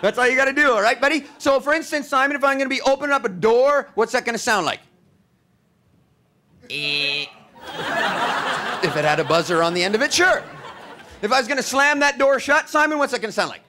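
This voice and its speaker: A man hosting live comedy, working the crowd with energetic, hyped improv. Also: extremely high pitch, quick pace. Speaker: comedian host. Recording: live stage with faint crowd and noise.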